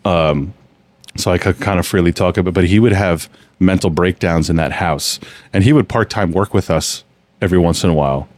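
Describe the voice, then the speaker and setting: A man hosting a podcast, casually telling long personal stories in a relaxed, rambling way. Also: a little fast, no echo. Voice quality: low, relaxed storytelling with frequent restarts. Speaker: podcast host. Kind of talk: casual storytelling chat.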